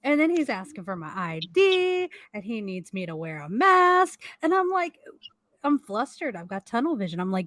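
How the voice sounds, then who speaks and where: A woman's voice: on the high side, normal speed, no room sound. A middle-aged woman co-hosting a live stream chat from home, telling a rambling story full of swearing and laughs. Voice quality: animated, swears a lot, laughs often. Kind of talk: casual profane storytelling.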